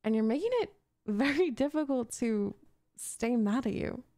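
A woman's voice: fairly high pitch, normal speed, dark tone, no echo, clean studio sound, lightly acted. A young woman voicing a possessive, jealous gamer girl in an audio role-play, talking in a bossy, defensive, flustered way. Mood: flustered, angry. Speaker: voice actress.

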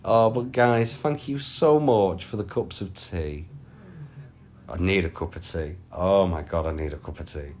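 Slow-talking British man chatting on stream. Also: sits low, darkish tone. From United Kingdom. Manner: rambling, chatty, thanks viewers for gifts. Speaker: live streamer. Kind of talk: casual live-stream chat. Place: at home, lying down. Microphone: phone.

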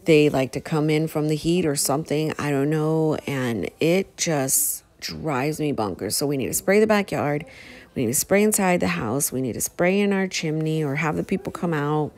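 A middle-aged woman, chatting casually to her viewers while planning, rambling and expressive. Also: low-pitched. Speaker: planner vlogger. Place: home.

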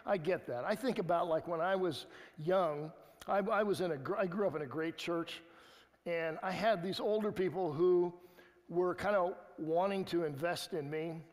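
A man preaching a sermon as pastor, in an earnest, conversational way with pauses and restarts. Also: sits high, in a large hall. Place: church sanctuary.

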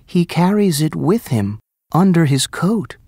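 A storybook reader voicing a lively, loving young princess in a raised voice, in a story for English learners. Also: medium pitch, a little slow, slightly rough, dry recording, studio quality, pitched above the performer's own voice, heavily acted. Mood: eager.

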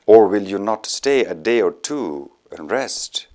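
A man's voice: lowish voice, expressive, a little slow, darkish tone. A man with an Afghan accent reading the part of a frightened, superstitious young woman on the run, in an earnest, pleading way. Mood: eager. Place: studio.

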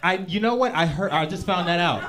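Stand-up comic, man, 30s: high, swooping voice, brash and profane, laughing crowd behind. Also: brisk. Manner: animated, profane, punchy storytelling. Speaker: stand-up comedian. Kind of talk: stand-up comedy set. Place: comedy club stage. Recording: live club show with crowd laughter. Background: audience laughter.

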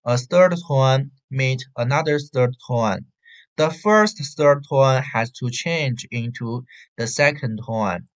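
A man with a Chinese accent teaching an online beginner Chinese class, repeating syllables slowly for drills over a video call. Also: medium pitch. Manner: slow, repetitive drilling of syllables.

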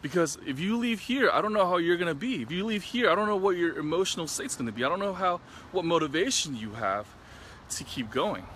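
Earnest male doctor, bright and slightly tense tone, reflective storyteller, faint street noise behind. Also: sits high, lively intonation, fairly quick. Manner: earnest, reflective, retells dialogue at length. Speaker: physician. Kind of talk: personal storytelling to camera.

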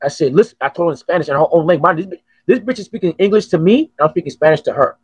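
A man hosting a podcast, telling stories in an animated, profane, casual way. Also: a little high, rapid-fire, husky, no echo. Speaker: podcast host. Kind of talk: casual chat.

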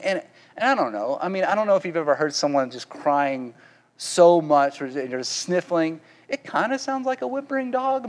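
A man's voice: a little high, big-room sound. A man with a Southern accent preaching a sermon in a folksy, conversational way, often asking the congregation questions. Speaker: pastor.

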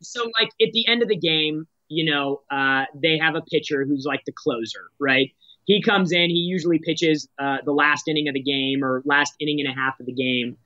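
A man's voice: on the high side, moderate pace, bright, forceful tone, no room sound, highs cut off. Man coaching in a direct, dry tone. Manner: direct, coaching tone with frequent restarts. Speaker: sales executive guest. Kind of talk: podcast interview answers.

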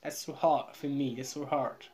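A Moroccan woman with a Moroccan accent, chatting over a video call in halting English that she repeats as she goes. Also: a bass voice, steady tone, mellow. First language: Moroccan Arabic. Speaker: vlogger. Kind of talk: casual video call chat.

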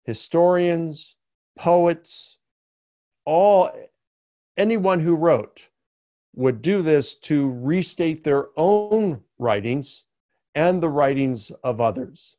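Slow, deliberate male lecturer. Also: fairly high pitch, expressive, dark tone, dry recording. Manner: slow, deliberate explanation with emphatic rises on key words. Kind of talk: academic webinar lecture.

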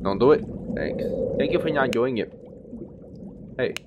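A man giving gameplay commentary, swearing a lot and reacting in jumpy, excitable outbursts. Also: mid-range voice, measured pace, narrow, tinny audio, background noise. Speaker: gaming streamer. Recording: game music behind voice.

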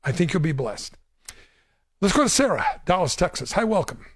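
A man's voice: sits high, big pitch swings, moderate pace, husky, no echo, studio quality. A man hosting a call-in Bible show as a pastor, speaking emphatically and repeating words to drive a point home. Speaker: pastor and radio show host. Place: radio studio.

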